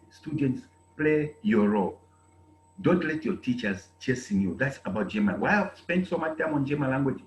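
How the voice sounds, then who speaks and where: A man's voice: medium pitch, echoey room, a little hiss or hum, poor audio. A man from Zambia with a Zambian English accent who addresses students at an intake meeting and tells them off with emphatic repetition. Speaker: program director addressing students. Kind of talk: lecturing speech at an online meeting.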